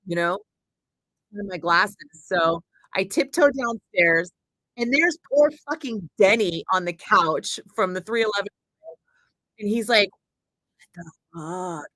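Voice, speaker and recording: Woman, forties, radio host, casual storytelling, animated, swears a lot, bright voice, dry close sound. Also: medium pitch, no room sound, poor audio. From Northern California. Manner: animated, swearing freely, acting out quoted voices.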